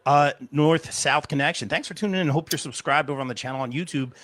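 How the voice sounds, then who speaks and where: A man's voice: on the high side, fast, fairly bright tone, no room sound. A man hosting a live wrestling podcast stream, chatting casually and reading viewer comments aloud. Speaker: podcast host.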